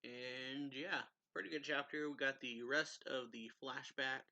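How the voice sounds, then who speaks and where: Guy rambling thru a manga chapter recap, laughs a lot, slow and kinda bright voice. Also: mid-range voice, steady tone, no echo, lo-fi sound. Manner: rambling, chuckling often, many fillers. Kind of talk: casual spoken review, recapping the plot.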